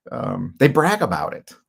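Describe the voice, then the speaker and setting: A man's voice: medium pitch, wildly swooping pitch, slow pace, vocal fry, a bit bright, husky. A middle-aged man telling his own business story in a rambling, candid monologue, with fillers and short laughs. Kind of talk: casual monologue.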